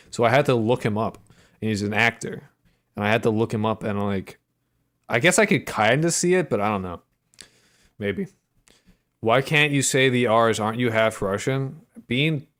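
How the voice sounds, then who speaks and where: A man streaming his game development and chatting casually with his viewers, reading their messages aloud and answering with profane, joking banter. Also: on the low side. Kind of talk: casual livestream chat.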